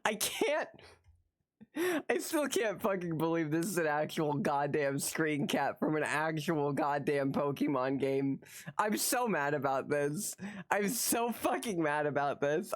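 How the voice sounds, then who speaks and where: Excitable, foul-mouthed woman streamer. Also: low voice, a little slow. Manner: excitable, swears a lot, repeats phrases over and over. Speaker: live streamer. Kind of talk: casual live-stream chat with viewers.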